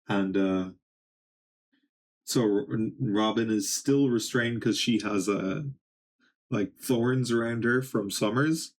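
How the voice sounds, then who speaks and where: A young man streaming a live reaction, reading a comic aloud and reading its dialogue in his plain voice, in a casual, halting way. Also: lowish voice, fairly even intonation.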